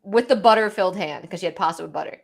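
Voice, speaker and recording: Chatty young mom telling a story. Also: female voice, on the low side, quick pace, gravelly. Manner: storytelling, quoting her toddler with lots of "like". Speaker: podcast co-host. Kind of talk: casual chat.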